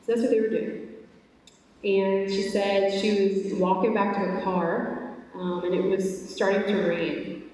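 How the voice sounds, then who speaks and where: A woman's voice: mid-range voice, unhurried. Earnest young woman in an echoing hall. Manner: earnest, animated storytelling with many fillers. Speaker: speaker giving a faith talk. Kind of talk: faith talk to a live audience. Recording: echoey hall, voice from far off.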